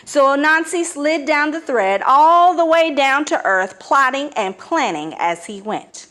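A woman reading a folk tale aloud, with expressive, dramatic storytelling. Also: sits high, unhurried, hardly any pauses.

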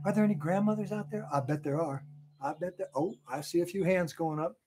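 A man's voice: high voice, brisk. An older man, a grandfather, chatting playfully with children between songs at a family concert. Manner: chatty, playful, talks to kids at home. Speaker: children's entertainer. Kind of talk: family concert talk and song. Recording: guitar playing behind.

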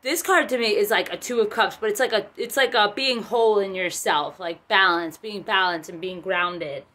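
A woman's voice: medium pitch, normal speed, sharp tone. A woman giving a casual tarot reading, rambling and chatty with lots of swearing. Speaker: tarot reader.

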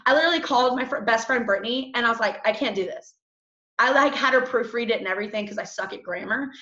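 A woman's voice: fairly high pitch, rapid-fire, sharp tone. A young woman coaching her team on a group call, peppy and chatty, full of "like" and "y'all.". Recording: echoey room, dull lo-fi sound.

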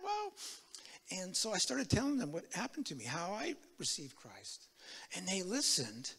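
Bright-voiced man in his seventies preaching. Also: high voice, normal speed, creaky, breathy edge, in a large hall. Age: 70s. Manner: animated storyteller acting out dialogue. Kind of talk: testimony sermon.

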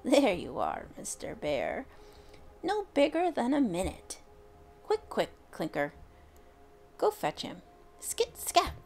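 A shrill, cackling old witch from a storybook, her screechy voice leaping high and carrying loud. A woman acts her out. She sounds crafty and pleased with herself, with a gravelly edge. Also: wildly swooping pitch, slow pace, long pauses, slight background noise, exaggerated voice. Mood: gleeful.

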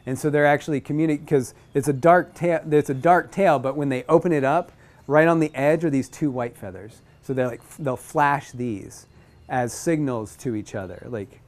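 A man leads a relaxed nature lesson for a group. He talks in an easygoing, animated way with a slightly raised pitch, now and then mimicking bird calls. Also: normal speed. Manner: animated, imitates bird chips in a high voice. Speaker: outdoor naturalist instructor. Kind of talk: casual teaching talk to a group.

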